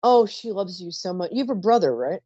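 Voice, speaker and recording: Psychic call-in host, woman, rambling and chatty, lively swooping voice, mellow tone, dry dull recording. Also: fairly low pitch, a little fast, no room sound. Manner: chatty, warm-toned asides, trails off mid-sentence. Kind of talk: live call-in psychic reading.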